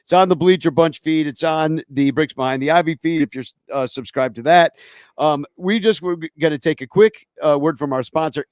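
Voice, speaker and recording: A man's voice: a little high, clear, resonant tone, no echo, clean studio sound. A man hosting a live fan podcast, rambling casually with lots of fillers and laughs. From Chicago. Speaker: podcast host. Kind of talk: casual live-stream chat.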